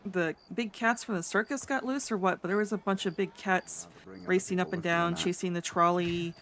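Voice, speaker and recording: A woman roleplaying a character in an online game, chatting casually and halting over her words. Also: fairly low pitch, fairly even intonation, fairly bright tone, a little hiss or hum. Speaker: roleplay streamer.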